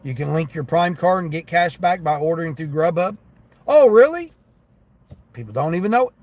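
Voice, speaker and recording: A man talks casually on a livestream from his car, grumbling about gig work and customers. His voice sits a bit high for a man, and the hum of the vehicle runs underneath. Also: dry recording. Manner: chatty, complaining, acts out customers' voices. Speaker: delivery driver livestreamer. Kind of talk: casual livestream chat while driving.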